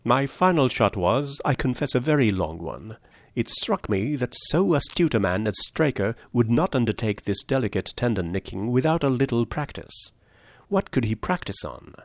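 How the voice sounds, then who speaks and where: A man reading a story aloud, voicing a shrewd male detective who lays out his deductions in a measured, precise way. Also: mid-range voice, big pitch swings, no echo. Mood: explaining.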